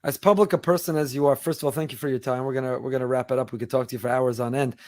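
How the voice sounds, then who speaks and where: A male podcast host speaks fast, stacking compliments and questions. His voice sits mid-range and sounds dry and close, with no room around it. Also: medium pitch, fairly even intonation, dry recording. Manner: brisk, effusive praise for the guest. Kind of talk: interviewing.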